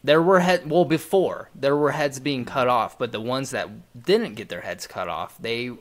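A man's voice: mid-range voice, moderate pace. A young man co-hosting a podcast, talking in a loose, rambling way with lots of asides. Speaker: podcast co-host. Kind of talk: casual chat.

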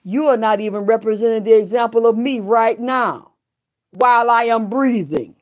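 A woman's voice: a little high, normal speed, a little mellow. Defiant swearing middle-aged woman ranting. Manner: repetitive emphatic declarations. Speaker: livestreamer. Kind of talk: profane livestream rant.

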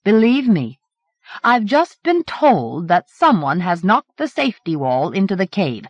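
A woman's voice: mid-range voice, sing-song, a little slow. A woman reading the lines of a stern male headmaster in a cold, threatening tone, from a dull 1980s cassette recording. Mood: icy threat. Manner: cold, clipped delivery.

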